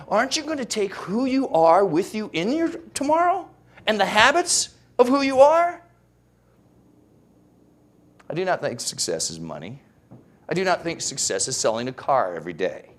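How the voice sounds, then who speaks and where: Male motivational speaker; high-pitched, animated, asks the crowd rhetorical questions. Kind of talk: motivational speech.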